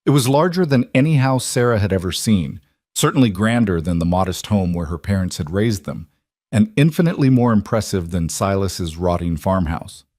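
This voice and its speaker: A man narrates a frontier story with a steady, dramatic pace. His voice sits on the low side. It is recorded close and dry, with no room sound. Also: normal speed, no room sound.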